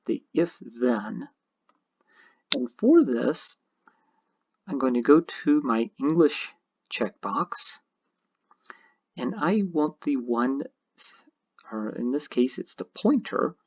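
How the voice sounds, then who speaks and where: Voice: medium pitch, darkish tone, husky. A programming teacher narrating a screencast tutorial, explaining each step methodically. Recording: dull lo-fi screen recording.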